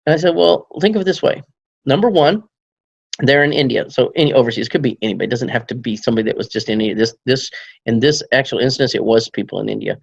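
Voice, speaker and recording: A man's voice: medium pitch, fast talker, vocal fry, husky, dry recording. A man who is a marketing consultant, telling a story in a casual advice talk, keeps asking "right?" and acts out both sides of a conversation.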